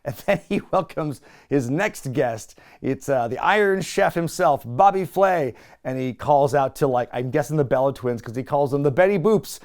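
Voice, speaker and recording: A young man hosting a casual wrestling recap, animated and sarcastic, laughing often. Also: fairly high pitch, moderate pace. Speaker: wrestling review host.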